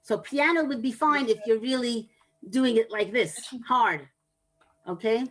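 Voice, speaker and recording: Woman lecturing at a measured pace. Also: a little high, fairly bright tone, poor audio. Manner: measured, explanatory, with pauses and restarts. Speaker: lecturer on anger management. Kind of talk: talk to an audience.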